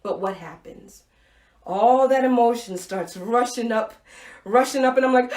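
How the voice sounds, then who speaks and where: Woman host, live-stream inspirational talk, animated storyteller, higher voice, echoey room. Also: unhurried. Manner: animated storytelling, acts out her own reactions; drops to a soft, intimate voice for key points. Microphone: Facebook Live stream, webcam or phone mic.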